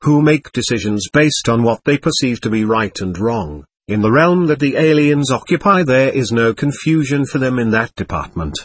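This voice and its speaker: A man voicing a group of aliens in a story reading, speaking in an even, matter-of-fact way. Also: mid-range voice, normal speed, few pauses, husky, no echo. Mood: detached. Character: aliens speaking as one, calm and detached.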